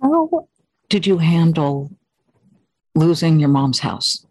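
A woman's voice: fairly low pitch, animated, unhurried, slightly rough, no room sound, low-quality recording. A woman hosting an interview, asking friendly questions and laughing easily. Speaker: podcast host. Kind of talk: casual interview conversation.

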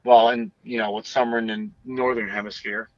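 A man's voice: lowish voice, flat delivery, brisk, no echo, muffled recording. A young man chatting casually as an interview guest, rambling and swearing freely. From United States. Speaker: guest bassist.

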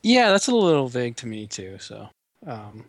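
A man's voice: medium pitch, sing-song, normal speed, dry recording. Male scientist guest, mid-range voice, dry close sound, loose explanatory style. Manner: explanatory, many fillers like "you know". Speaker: neuroscientist guest. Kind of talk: casual interview talk.

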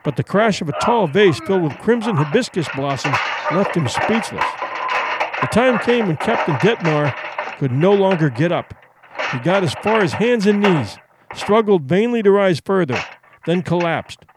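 Expressive male storyteller. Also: high voice, normal speed, heavy background noise. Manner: expressive, dramatic reading. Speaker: host and storyteller. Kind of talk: storybook narration.

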